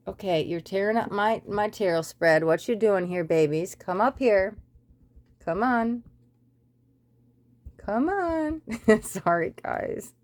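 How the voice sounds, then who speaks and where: A woman giving a casual spoken tarot reading, rambling through repeated lists and breaking off for apologetic asides. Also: mid-range voice. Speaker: tarot reader.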